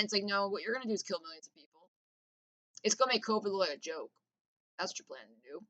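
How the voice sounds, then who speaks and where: A woman's voice: medium pitch, lively intonation, fast, pushed and bright, poor audio. A woman in a casual, profane, intense rant with laughing asides.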